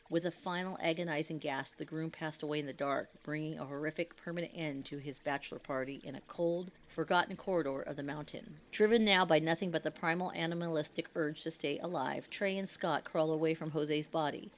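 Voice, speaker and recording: Low-voiced woman narrating horror. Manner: grave, measured, dramatic. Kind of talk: scripted horror story narration.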